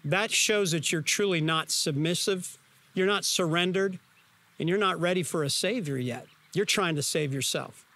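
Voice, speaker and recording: A man's voice: a little high, moderate pace, bright, forceful tone, dry recording. A man preaching a sermon. He tells the story vividly and emphatically and puts questions to his listeners. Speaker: pastor.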